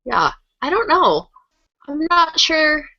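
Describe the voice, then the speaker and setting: A woman's voice: high-pitched, big pitch swings, takes it slowly, no echo. A woman co-hosting a podcast, speaking casually and hesitantly, often unsure of herself. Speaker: podcast co-host. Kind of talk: casual discussion. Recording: dry, dull lo-fi audio.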